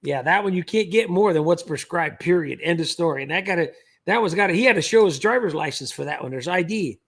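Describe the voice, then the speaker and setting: A man's voice: fairly high pitch, animated, fast, fairly bright tone. A man hosting a livestream, chatting casually in a rambling way with frequent restarts. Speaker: livestream host.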